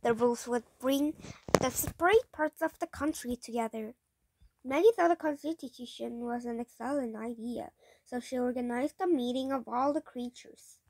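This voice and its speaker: A woman with a slightly mellow voice on the high side reads a children's story aloud. Her reading is halting, as she stumbles over words, rereads, and corrects them as she goes.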